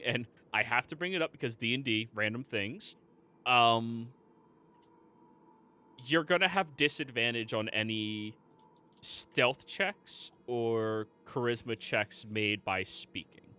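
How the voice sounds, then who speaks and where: Bright-voiced male game master. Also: medium pitch, clean tone. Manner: laughs often, casual and joking. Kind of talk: narrating a tabletop game.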